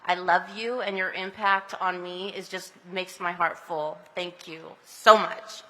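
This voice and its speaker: A woman's voice: fairly low pitch, fairly even intonation, unhurried, pushed and bright, long reverb tail, slight background noise. A woman from California giving a chatty, heartfelt acceptance speech at an outdoor ceremony, laughing often and turning tender as she thanks people. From Anaheim, California. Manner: chatty and giggly, with breathy laughs; tender and emotional in the thank-yous.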